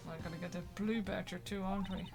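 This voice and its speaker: A woman's voice: mid-range voice, steady tone, fast talker, vocal fry, a little mellow. A woman streamer chatting casually and joking while she plays a video game and reads its text aloud. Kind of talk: casual let's-play chat.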